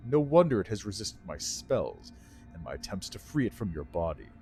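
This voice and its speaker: A man voicing an ancient male lich, a dry, rasping and condescending teacher who lectures. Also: lowish voice, very animated, moderate pace, dark tone, faint music behind, pitched below the performer's own voice. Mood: cold, bitter.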